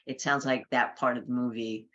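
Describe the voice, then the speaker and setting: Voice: medium pitch, steady tone, normal speed, sharp tone, lo-fi sound. An interviewer asking questions, appreciative and hesitant, with many fillers.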